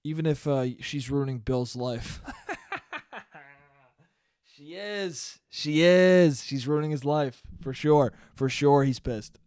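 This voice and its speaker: High-voiced man ranting on a podcast. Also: slow pace, a little mellow, clean tone, no echo, studio quality. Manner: rambling, profane, laughing. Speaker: podcast host. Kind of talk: casual comic monologue.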